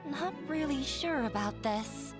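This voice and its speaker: A woman's voice: high voice, animated, a little slow. A woman voicing a shy, insecure young woman who speaks hesitantly and stammers, heard as game audio. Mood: timid. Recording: game audio over loud music.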